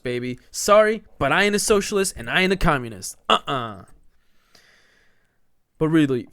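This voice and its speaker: A man's voice: mid-range voice, no room sound, studio quality. A man hosting a podcast, giving a riled-up, slangy rant that he keeps peppering with "dude" and "man.". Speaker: podcast host. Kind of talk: casual ranting monologue.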